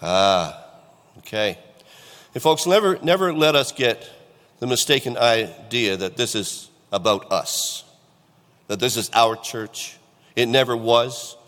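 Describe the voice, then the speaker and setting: A man's voice: medium pitch, animated, slow pace, long pauses, fairly bright tone, in a large hall. A middle-aged male pastor delivering a sermon in a conversational way, asking the congregation questions. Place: church.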